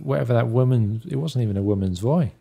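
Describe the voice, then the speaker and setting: Gravelly, joking man. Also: medium pitch, fast talker, warm tone. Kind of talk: casual chat.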